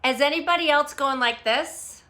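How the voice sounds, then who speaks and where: A woman's voice: sits high, normal speed, pushed and bright. A middle-aged woman hosting an unscripted livestream from her phone, rambling and greeting viewers by name as they join. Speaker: livestream host. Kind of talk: unscripted live chat.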